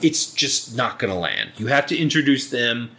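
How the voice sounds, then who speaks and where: A man co-hosting a casual podcast at an ordinary pitch. He rambles through his points, swears often and slips into playful mock quotes. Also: lively intonation, moderate pace, bright, forceful tone. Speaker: podcast co-host. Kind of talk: casual chat.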